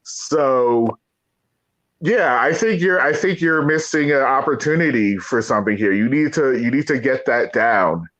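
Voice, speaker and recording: A man co-hosting a casual comedic chat over a video call, wry and rambling, with halting restarts. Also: mid-range voice, lively intonation, fairly bright tone, rough recording. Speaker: co-host.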